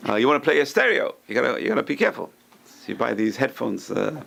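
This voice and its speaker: A man's voice: mid-range voice, big pitch swings, fast talker, vocal fry, a bit bright, a little hiss or hum. A man teaching an informal Torah class as a rabbi, talking conversationally and acting out gossipy lines with joking asides.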